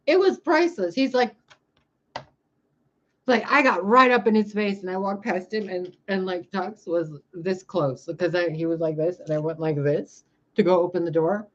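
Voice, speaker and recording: A woman telling stories on her vlog in a casual, animated way, swearing freely and laughing as she talks. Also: lowish voice, moderate pace. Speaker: vlogger. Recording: dull lo-fi recording.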